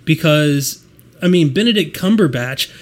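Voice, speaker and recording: A man from the United States in a casual chat, animated and laughing, acting out quotes as he talks. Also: on the high side, measured pace.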